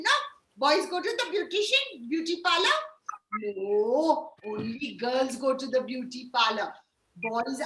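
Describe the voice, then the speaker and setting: An animated woman kindergarten teacher, exclamatory and always checking in with the class. Her voice is high and bright. The sound is roomy and echoey, with faint clicks behind it. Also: slight background noise. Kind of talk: children's lesson with puppets.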